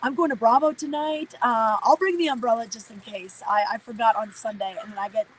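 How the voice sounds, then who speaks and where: A woman's voice: fairly high pitch, a little fast, a little hiss or hum, rough recording. An upbeat, chatty woman reporting live from outdoors for a local morning show, with frequent filler "uh"s. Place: outdoors at a park.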